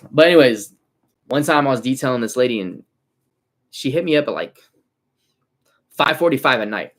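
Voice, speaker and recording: This Bay Area man in his twenties, who runs a car detailing business, speaks at a moderate pace with frequent pauses in a mid-range voice. His casual livestream is loose, slangy, animated street talk.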